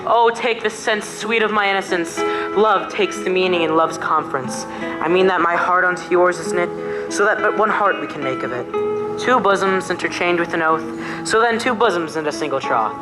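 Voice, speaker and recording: A woman's voice: on the low side, normal speed, loud music behind the voice, lightly acted. A young woman playing an ardent young male lover in a school stage play, declaiming verse earnestly. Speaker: student actor.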